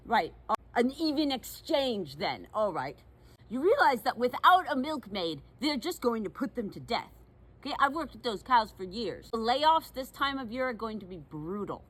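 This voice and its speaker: A woman's voice: fairly high pitch, very animated, normal speed, fairly bright tone. A woman playing a bossy young milkmaid turned fae in a one-sided comedy sketch, talking in mock-archaic, huffy, self-important tones. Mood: indignant.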